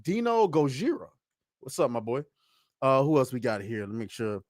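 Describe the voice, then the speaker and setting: A man's voice: mid-range voice, sing-song, moderate pace, no echo, studio quality. A man hosting a livestream podcast in loose, profane casual chat, reading out names from the chat. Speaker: podcast host.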